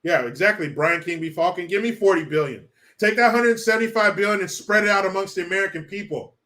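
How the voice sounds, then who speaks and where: A man's voice: sits high, quick pace, pushed and bright. A man hosting a casual livestream, reading chat and ranting with lots of profanity and laughter. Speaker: live stream host.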